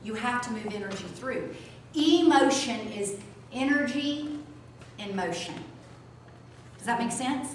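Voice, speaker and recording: Animated woman teaching in an echoey room. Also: a little high, unhurried. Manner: animated, swings from soft to loud. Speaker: spiritual teacher. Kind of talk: talk to a small group. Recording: echoey room from a distance, faint noise.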